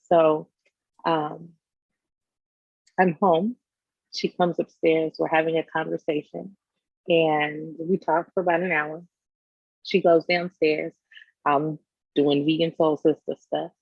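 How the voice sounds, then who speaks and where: A woman guest in an interview, telling a personal story in a candid, animated way and acting out the scenes. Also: deep voice, slow, gravelly, pauses often, dry recording, phone-quality sound. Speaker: business owner guest.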